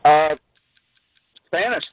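A man playing a timed radio quiz, giving short quick answers and laughing easily. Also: on the high side. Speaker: quiz contestant on a radio show.

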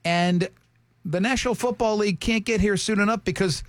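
A man's voice: sits high, brisk, no echo. A man hosting a morning radio show, joking and teasing a caller through a quiz.

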